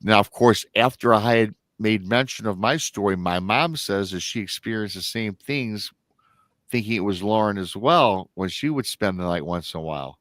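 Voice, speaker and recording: A man's voice: fairly low pitch, lively intonation, normal speed, fairly bright tone, dry recording. A middle-aged man from Michigan, a guest on a live stream, telling a family story in a rambling way and acting out what his relatives said. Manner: rambling, with restarts and acted-out quotes of family members.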